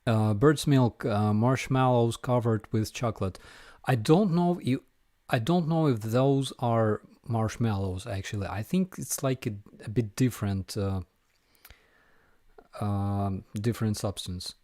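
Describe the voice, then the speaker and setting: A man's voice: on the low side, unhurried, darkish tone, no echo, clean studio sound. A man with a Ukrainian accent hosting a casual live viewer Q&A, hesitant with many fillers and restarts.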